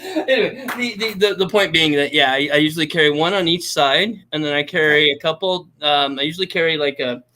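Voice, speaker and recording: A man's voice: on the high side, a little fast, pushed and bright, a little hiss or hum. A man chatting casually as a guest on a live stream, stumbling over his words and laughing easily. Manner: stammering restarts, laughs easily.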